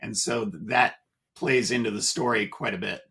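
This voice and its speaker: A man, a guest author on a podcast, answering in a slow, measured, hesitant way. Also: fairly low pitch, gravelly, sharp tone, husky. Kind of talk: casual interview answers.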